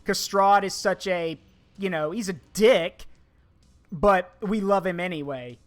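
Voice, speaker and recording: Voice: mid-range voice, measured pace. A stream host chatting casually while gaming, rambling and repeating points. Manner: rambling, repeats points, talks about game villains at length.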